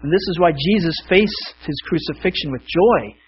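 A man's voice: fairly high pitch, moderate pace, breathy edge, muffled recording. A man preaching a sermon, telling a story and acting out its voices before drawing the lesson. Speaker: pastor.

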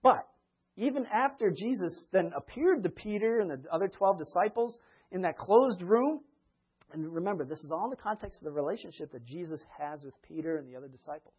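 A man preaching a sermon, retelling Bible stories in a lively way, often laughing and acting out the quotes. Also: sits high, a little fast, husky, muffled recording.

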